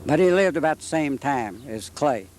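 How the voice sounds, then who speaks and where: Man, local history guide, folksy storyteller, slightly high voice. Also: lively intonation, normal speed, a little mellow, slight background noise. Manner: folksy, anecdotal, drifts into side stories. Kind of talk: casual history chat. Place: historic house indoors.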